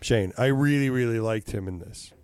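A man telling stories in easy chat, cursing freely and jumping into the voices of people he quotes. His pitch sits in the middle of a man's range. The sound is dry and close, with no room echo. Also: moderate pace, smooth. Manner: animated storyteller, swears freely, acts out quotes. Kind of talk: casual chat.

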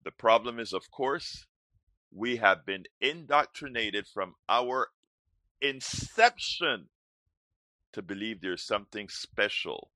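A man's voice: low voice, bright, forceful tone, no room sound. A man hosting a call-in political talk show, speaking emphatically and at length. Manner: emphatic, preachy, wordy. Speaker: host.

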